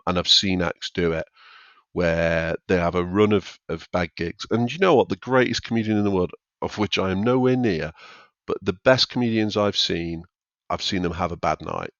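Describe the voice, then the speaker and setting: A man's voice: low-pitched, a bit bright, dry recording. A man who works as a stand-up comedian, talking candidly and self-deprecatingly as a podcast guest. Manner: candid, self-deprecating, acts out quoted chatter. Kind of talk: conversational podcast interview. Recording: dull dry lo-fi sound.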